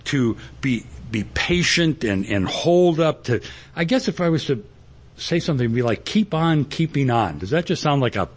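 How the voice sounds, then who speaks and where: A man's voice: mid-range voice, lively intonation, moderate pace, breathy edge. A male pastor preaching a sermon, telling a rambling, folksy personal story.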